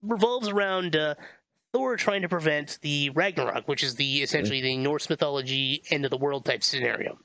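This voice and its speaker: Bright-voiced man in casual movie chat. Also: on the high side, fairly quick, vocal fry, dry recording, dull audio. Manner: rambling, stumbles over names, laughs often. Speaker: podcast co-host.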